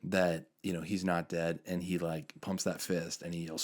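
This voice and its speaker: A man with a very low, deep voice speaks on a casual podcast. He is earnest and reflective, hedging his points and restarting his sentences often. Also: little pitch movement, moderate pace. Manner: hesitant, circles back with many fillers; earnest, reflective about faith. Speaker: podcast co-host.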